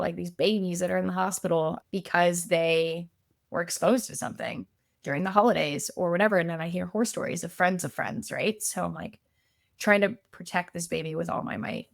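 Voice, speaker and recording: A woman podcast guest with a fairly low, gravelly voice tells her story in a chatty, casual way, full of fillers and acted-out quotes. The recording is dry, with clean studio sound.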